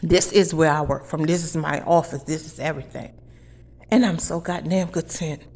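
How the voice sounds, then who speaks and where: A woman's voice: deep voice, moderate pace, a little mellow. A woman delivering a heated, profane monologue in her apartment, preaching and repeating her phrases. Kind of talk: angry monologue to camera.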